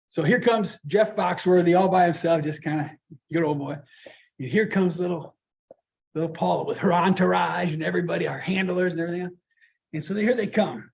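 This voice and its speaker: A middle-aged man with a fairly high voice tells stories to a club meeting in a meeting room. He is lively and anecdotal and slips into the voices of the people he quotes. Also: moderate pace, vocal fry. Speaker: guest speaker. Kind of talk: storytelling speech at a club meeting.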